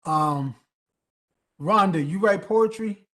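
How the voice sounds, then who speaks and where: A man hosts an open mic over a video call. He jokes, teases his guests and tells stories with real animation. His voice sits a little high for a man. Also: slow. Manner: joking, animated storyteller. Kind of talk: casual chat on a video call.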